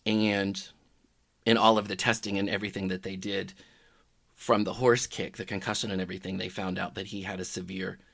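A middle-aged man telling a personal story in a halting, reflective way that often trails off quietly. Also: low-pitched, level tone, vocal fry, no room sound, studio quality. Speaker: podcaster telling his own story.

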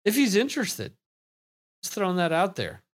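A man's voice: high-pitched, wildly swooping pitch, normal speed. A man hosting a live trivia stream, chatting casually into his computer microphone and reading viewer comments aloud in a rambling way. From United States. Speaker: trivia show host.

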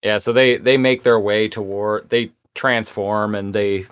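A man co-hosting a podcast, recapping a cartoon episode in casual chat with halting, repeated words. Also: lowish voice, steady tone, a bit bright, clear, resonant tone, no echo, studio quality. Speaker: podcast co-host.

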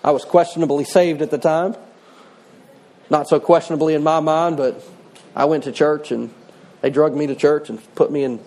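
A man's voice: medium pitch, darkish tone. A middle-aged male pastor preaching a sermon in a conversational way, mixing scripture with personal stories.

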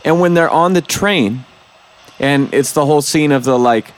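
Lässiger männlicher Podcast-Host. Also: male voice, on the high side, moderate pace. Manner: loose, swearing, acts out quotes. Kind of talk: casual podcast chat.

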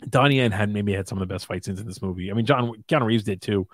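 Fast-talking man, eager movie chatter. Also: fairly low pitch, dry recording. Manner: enthusiastic, fast, trips over words. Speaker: podcast co-host. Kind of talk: casual movie chat.

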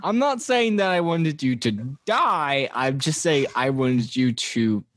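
A man's voice: fairly high pitch, lively intonation, slow pace, fairly bright tone. A man playing a tabletop game, talking casually and animatedly, swearing now and then. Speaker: player.

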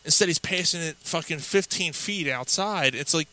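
A male podcast co-host with a bright, sharp-edged voice. He talks in loose, profane banter, telling raunchy jokes and venting about sports. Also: a little high, normal speed, low-quality recording. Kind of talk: crude casual banter.

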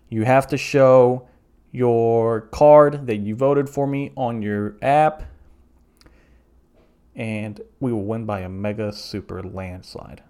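A man's voice: medium pitch, a little mellow. A young man from the southern United States hosting a comedic solo podcast, rambling through profane, jokey bits. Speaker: podcast host.

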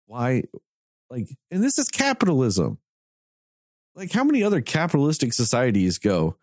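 A man's voice: mid-range voice, normal speed, pauses often, no echo, studio quality. A man ranting in a casual chat, cursing freely and swinging his voice around as he complains. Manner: animated ranting, heavy swearing.

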